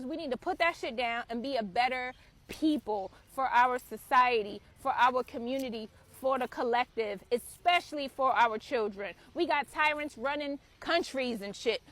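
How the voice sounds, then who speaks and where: A woman's voice: high-pitched, a bit bright. A woman hosting her own spiritual channel, giving an impassioned, preachy talk to camera and swearing freely. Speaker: spiritual author and channel host.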